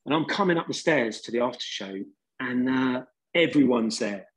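This London-accented man, a singer in a band, spins relaxed, rambling anecdotes on a podcast with lots of fillers. His medium-pitched, slightly rough voice has lively intonation at a moderate pace, and the recording is rough.

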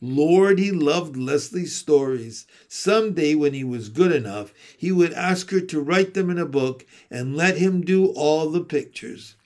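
Brief: male audiobook reader, unhurried storytelling, slightly high register. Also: animated, darkish tone. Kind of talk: reading a novel aloud.

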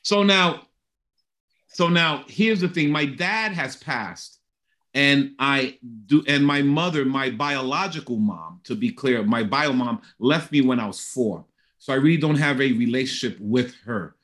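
A middle-aged man, a guest in a conversational interview, sharing a personal testimony in an earnest, animated way. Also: mid-range voice, measured pace.

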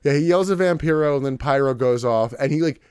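A man's voice: on the high side, quick pace, a little mellow, clean tone, no echo, clean studio sound. A man co-hosting a podcast, recapping in a rambling, casual way and acting out little voices as he goes. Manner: rambling, acts out voices, heavy "like" filler. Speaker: podcast co-host recapping wrestling.

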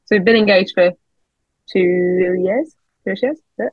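A woman's voice: medium pitch, a little slow, no echo, highs cut off. Dry-sounding woman in her twenties. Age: 20s. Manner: reflective, articulate, dry humour. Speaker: podcast co-host. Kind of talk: casual chat.

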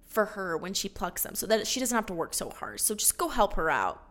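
A woman voicing a generous male landowner who quietly tells his workers to help a young woman. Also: mid-range voice, big pitch swings, brisk. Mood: kindly. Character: kind wealthy landowner man, generous.

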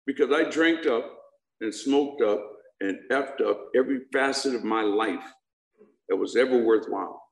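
A gravelly, mid-range male voice, moderately paced, belongs to a middle-aged man sharing a humorous recovery story before a live audience. He jokes and puts questions to the crowd, and the recording has an echoey quality.

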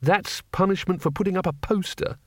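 A man voicing a jittery, cowardly male wizard, hurried and anxious. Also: sits high, no echo, clean studio sound, pitched above the performer's own voice, close to an everyday voice. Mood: alarmed.

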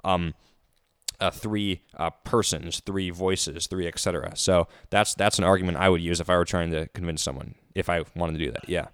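A male podcast host speaks in casual conversation, hesitating often with fillers and restarts. His voice is very low and smooth. The sound is dry and close to the mic. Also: fairly even intonation, normal speed, a bit bright, dry recording.

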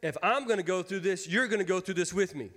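A man's voice: sits high, fast, a bit bright. A man in his thirties preaching a sermon as pastor, folksy and joking with his congregation. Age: 30s. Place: church sanctuary. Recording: long hall reverb.

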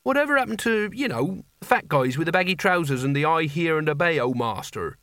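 A man's voice: on the high side, sing-song, brisk, sharp tone, dry recording, clean studio sound, voice pushed up. A man voicing an earnest, naive young male adventurer who asks puzzled questions.

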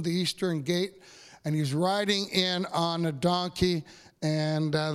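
A pastor preaching a sermon in a church, talking to the congregation in a loose, conversational way with fillers and asides. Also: male voice, smooth. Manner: builds to excited, higher-pitched preaching.

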